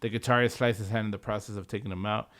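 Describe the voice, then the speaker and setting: Smooth, low-voiced man on a podcast. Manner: relaxed, agreeable, retells plot with quick quoted lines. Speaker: podcast co-host. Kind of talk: casual movie rewatch chat.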